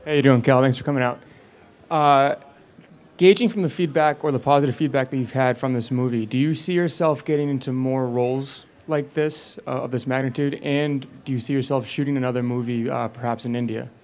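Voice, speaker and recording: A man's voice: mid-range voice, fairly even intonation, fairly quick, a little mellow. Friendly man asking a question from the audience.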